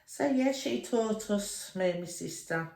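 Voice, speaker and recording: Slow, chatty woman, echoey room. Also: medium pitch, lively intonation, vocal fry, a little mellow. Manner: chatty, meandering, nostalgic storytelling. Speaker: crochet vlogger. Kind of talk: rambling reminiscing chat.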